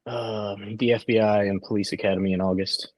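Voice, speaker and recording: A man's voice: lowish voice, fairly even intonation, a little fast, slight background noise. A man chatting casually on a podcast in a laid-back, plain-spoken way. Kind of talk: casual chat.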